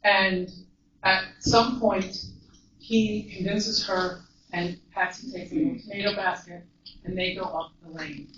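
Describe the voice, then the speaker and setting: A woman speaks to a live audience in an earnest, emphatic storytelling manner, her voice at an everyday middle pitch. She sounds far from the microphone in a large, echoing room. The recording is dull and slightly muffled. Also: steady tone, a little slow, a bit bright, a little hiss or hum. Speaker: guest speaker and mental health counselor. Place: large echoey event room.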